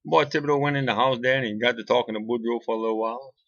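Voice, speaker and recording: A Cajun man from Louisiana tells jokes in a loose, folksy ramble, with plenty of "boy" and restarts. His voice is gravelly and sits at a middle pitch. The sound is dry and a little dull. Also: steady tone, very fast, fairly bright tone, no room sound. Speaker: joke teller. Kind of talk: casual joke storytelling.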